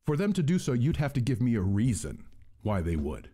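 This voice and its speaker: A man hosts his own channel in a casual vlog rant, rambling, profane and exasperated, captured on an earbud mic. His mid-range voice is brisk and mellow, with huge swings in pitch.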